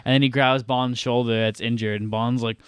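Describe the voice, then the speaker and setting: A man's voice: medium pitch, clean tone, no room sound. A man co-hosting a podcast, recapping a film scene in casual chat and acting out the characters' lines as he goes. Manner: animated retelling, acting out lines in quick voices. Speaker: podcast co-host.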